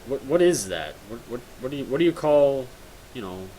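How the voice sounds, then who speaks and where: A young man streams a game and talks to his chat. He sounds tired and rambles in a casual, self-mocking way. His voice sits at an ordinary middle pitch, with faint room noise behind it. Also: very animated, normal speed, mellow.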